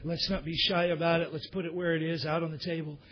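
A male pastor preaching a sermon in church, swinging from loud emphatic bursts down to near whispers. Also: fairly high pitch, level tone, fast, lo-fi sound, a little hiss or hum.

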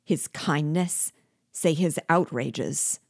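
A woman's voice: low voice, fairly even intonation, darkish tone, dry recording, clean studio sound. Habibra, a woman voicing a sinister vengeful dwarf. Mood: menacing. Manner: slow, mocking and menacing.

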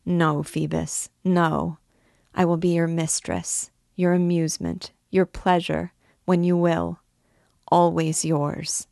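Woman voicing an ardent young dancing girl, low and gravelly, slow pleading delivery. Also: dry recording, clean studio sound. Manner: pleading, lovestruck.

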